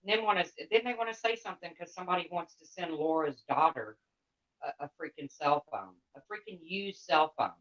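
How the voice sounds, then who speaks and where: A woman's voice: deep voice, lively intonation, a little fast. A woman livestreamer rants to her chat in a blunt, heated voice and swears freely. The sound is dull and lo-fi.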